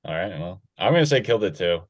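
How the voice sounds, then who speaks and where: A man's voice: low-pitched, lively intonation, fast. A man co-hosting a podcast, rambling casually and repeating himself. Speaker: podcast co-host. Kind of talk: casual chat.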